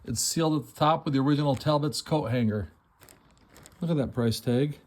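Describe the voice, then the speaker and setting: A man's voice: fairly high pitch, a little fast, a little mellow. A middle-aged man hosting a casual, enthusiastic walkthrough of a house before an estate sale, chatty and self-deprecating. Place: inside a house, walking through rooms.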